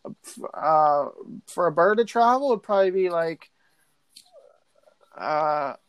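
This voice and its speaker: A man from the area chats casually, circling his thoughts with plenty of fillers. His voice is smooth and resonant, pitched a little high. The recording is dry and close. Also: lively intonation, slow pace, no echo. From Pittsburgh area. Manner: rambling, lots of likes and ums. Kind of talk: casual chat.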